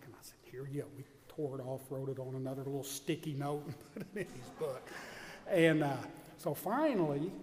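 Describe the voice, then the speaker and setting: A man delivers a homily as a lively anecdote, acting out the other voices in quoted back-and-forth. His voice sits a little high. A long reverb from a large hall trails his words. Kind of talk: storytelling homily.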